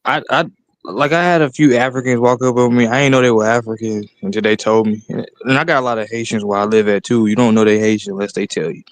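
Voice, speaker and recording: A man's voice: fairly low pitch, fairly even intonation, fast talker, no echo. A man co-hosting a livestream, laid-back and slangy, often chuckling as he talks. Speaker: livestream co-host. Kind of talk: casual stream chat. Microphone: online stream mic.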